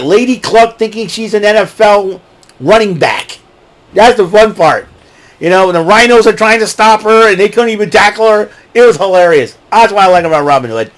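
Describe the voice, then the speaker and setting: A man hosting his own show, chatting casually and rambling through a ranking of his favorite films with many fillers and restarts. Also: high voice. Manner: rambling, many fillers and restarts, breaks into quoted movie lines. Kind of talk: casual solo commentary.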